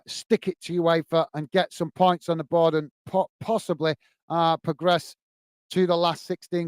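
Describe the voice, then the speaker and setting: A man with a high, smooth voice hosts a football fan live stream, reading viewer comments aloud and answering them. He sounds frustrated and emphatic, hammering the same points again and again. The sound is dry and close. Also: dry recording. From United Kingdom. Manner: frustrated, emphatic, repeats himself. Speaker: host of a football fan channel.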